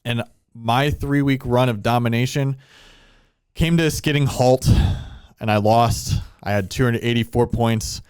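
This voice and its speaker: A man's voice: fairly low pitch, clear, resonant tone, dry recording, studio quality. A man hosting a casual sports podcast, talking in a chatty way with frequent restarts.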